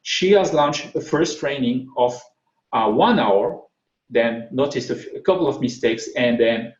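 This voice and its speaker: Conference speaker, male, strong French accent, halting delivery full of ums and restarts, echoey and dull lo-fi sound. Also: medium pitch, lively intonation. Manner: hesitant, many fillers and restarts. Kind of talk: technical talk.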